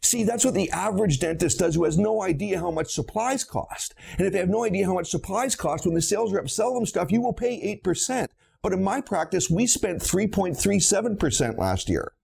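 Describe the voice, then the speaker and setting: A man's voice: high-pitched, animated, brisk, creaky, hardly any pauses, a little mellow, husky. A middle-aged man, a dentist, lecturing bluntly on practice finances with emphatic storytelling and rhetorical questions.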